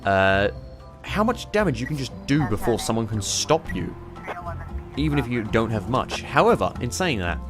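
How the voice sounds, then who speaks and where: A man's voice: mid-range voice, very animated, normal speed, over music. A man giving let's play commentary, thinking aloud in a rambling way and swearing casually. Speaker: gamer playing a police management game.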